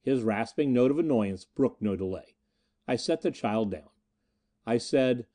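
Expressive man with a dark voice. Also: medium pitch, measured pace. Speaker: audiobook narrator. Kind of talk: first-person audiobook narration.

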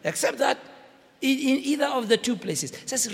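A man with a South African accent preaching a sermon, shouting and dramatic, switching between languages. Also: very high-pitched, animated, moderate pace, vocal fry. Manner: fiery, shouting, code-switching, theatrical. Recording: reverberant hall with faint noise.

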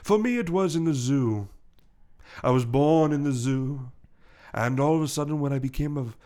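A man's voice: medium pitch, moderate pace, mellow, lightly acted. A man voicing a polite, refined male gorilla in a top hat, with an English accent that slides toward cockney. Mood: wistful. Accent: English, drifting toward cockney. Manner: courteous, formal, apologetic.

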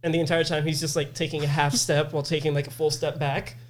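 A man co-hosting a casual podcast, swapping stories with friends. He is animated and breaks into high-pitched voices whenever he quotes someone. His tone stays loose and conversational. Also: fast, slight background noise. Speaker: podcast co-host. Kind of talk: casual storytelling chat.

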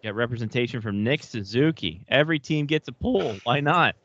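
A man's voice: mid-range voice, expressive, a little fast, fairly bright tone, dull audio. A man co-hosting a casual sports podcast, throwing in sarcastic, joking remarks. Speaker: podcast co-host.

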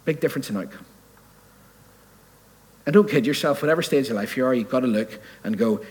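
Male preacher, husky voice, earnest and conversational, keeps asking the congregation questions. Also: on the low side, fast talker. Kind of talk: sermon.

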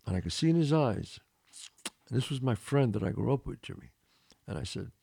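An older man with a Brooklyn accent, hosting a podcast. His voice is gravelly with lots of fry, and his pitch swings widely as he tells a story in an animated way, acting out the dialogue with a few curses. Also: fairly quick. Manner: animated, swearing, acts out dialogue. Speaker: podcast host. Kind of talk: storytelling in casual interview.

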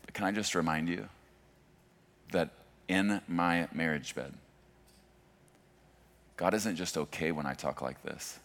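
A man in his forties, a pastor preaching a sermon in a conversational way that swings from hushed to loud. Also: low voice, measured pace, pauses often.

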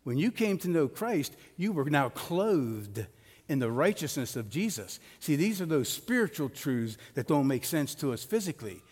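A man's voice: a little high, big pitch swings, normal speed, darkish tone, slightly rough. A middle-aged man preaching a sermon as pastor in a church sanctuary, conversational, with personal stories and light jokes. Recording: long hall reverb of a church.

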